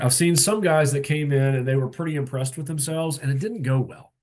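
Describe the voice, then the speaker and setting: A man speaking as a pastor who mentors younger pastors, easygoing and plain-spoken. His talk wanders through fillers and quick asides, and his pitch sits at an ordinary middle level. It comes through a video call. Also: darkish tone. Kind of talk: conversational teaching talk.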